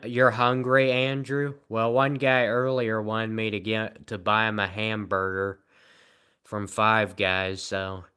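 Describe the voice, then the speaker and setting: A man with a Southern American accent, chatting casually on a livestream and answering comments in a rambling, deadpan, self-mocking way. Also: fairly low pitch, smooth. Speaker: live streamer.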